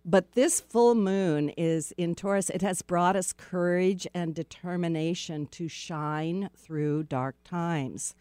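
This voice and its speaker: A woman's voice: fairly low pitch, takes it slowly, hardly any pauses, warm tone, clean tone, no echo. A woman hosting a listener-supported radio talk show, giving chatty, upbeat announcements in a spiritual tone and speaking directly to her audience.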